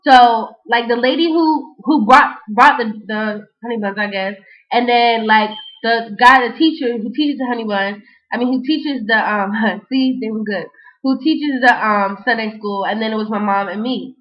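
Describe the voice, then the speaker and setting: Young woman vlogger, high voice, slangy animated storytelling, dull lo-fi recording. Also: normal speed. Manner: animated, slangy, frequent "you know what I'm saying". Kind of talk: casual storytelling and freestyle rap.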